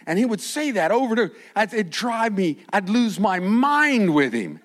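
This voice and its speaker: An older man, a pastor, preaching a sermon with animated storytelling and frequent restarts. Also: high-pitched, normal speed, hardly any pauses.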